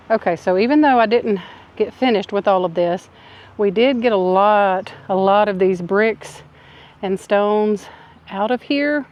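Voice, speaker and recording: A woman's voice: mid-range voice, darkish tone. A woman chatting casually and enthusiastically while working in her yard, folksy and a little out of breath at times. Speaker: vlogger. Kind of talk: casual chat while gardening. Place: outdoors in a yard.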